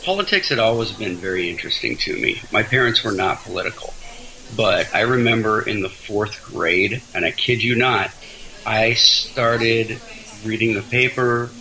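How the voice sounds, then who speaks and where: A man's voice: lowish voice, moderate pace, sharp tone, rough recording. A man as a guest in an interview, talking in a chatty, self-deprecating way with frequent restarts. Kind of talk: casual interview chat.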